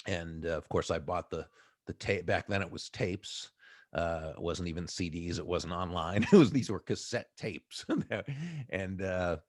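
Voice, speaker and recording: A man's voice: low-pitched, a little slow, no room sound, studio quality. A middle-aged man from the Boston area with a faint Boston accent, an author telling stories as an interview guest and laughing often. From Boston area, USA. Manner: animated storyteller who laughs often. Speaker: author and sales speaker, guest. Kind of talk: casual interview storytelling.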